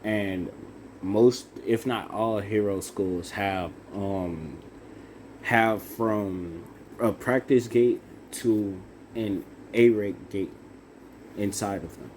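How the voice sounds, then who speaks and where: A young man improvising a fan-fiction story out loud, halting with fillers and self-corrections. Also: lowish voice, fairly even intonation, a little hiss or hum.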